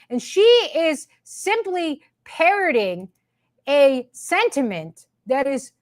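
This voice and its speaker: High-voiced woman, indignant and sarcastic. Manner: indignant, sarcastic, emphatic repetition. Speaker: commentary host. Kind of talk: ranting political commentary.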